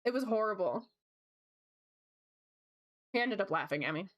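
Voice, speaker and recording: A young woman chatting casually as she draws on a livestream, bubbly and gushing with quick asides. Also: mid-range voice, animated. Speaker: streamer. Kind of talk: casual chat while drawing.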